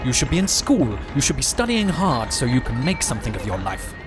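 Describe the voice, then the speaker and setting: A man playing a stern, dismissive gentleman in a comic sponsor skit. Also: medium pitch, very animated, brisk, music in the background, natural voice. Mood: haughty. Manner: haughty, dismissive. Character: stern stuffy adult gentleman.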